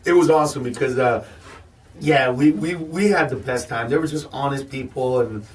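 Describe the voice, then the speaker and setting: A man, a comedian guesting on a radio morning show, ranting in an animated way with stammering restarts. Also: medium pitch, moderate pace, distant mic, a little hiss or hum. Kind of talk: casual radio chat. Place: radio studio.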